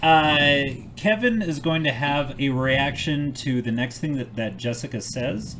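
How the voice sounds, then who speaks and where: A man hosting an improv show, giving drawn-out prompts. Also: medium pitch, a bit bright. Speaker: improv host. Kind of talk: casual chat. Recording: faint background noise.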